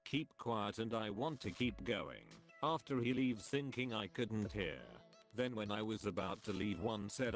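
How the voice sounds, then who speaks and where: A man with a fairly low voice reads forum stories aloud, one after another. His delivery is steady and matter-of-fact, with faint music playing underneath. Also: unhurried. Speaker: narrator reading online posts.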